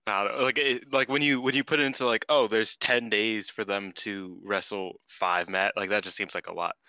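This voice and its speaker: A man co-hosting a casual podcast, rambling excitably with frequent restarts. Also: lowish voice, moderate pace, dry recording. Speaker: podcast co-host.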